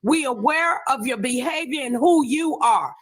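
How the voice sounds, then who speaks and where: A woman giving a forceful, indignant rant on a live stream, often raising her voice to a shout. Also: high-pitched, animated, moderate pace, breathy edge.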